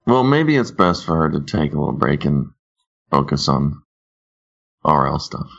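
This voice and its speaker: A man's voice: very deep voice, sing-song, moderate pace, gravelly, fairly bright tone. A man who is a parent co-hosting a stream, chatting bluntly and joking with swears. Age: adult parent. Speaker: stream co-host. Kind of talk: casual profane chat. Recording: dull lo-fi sound.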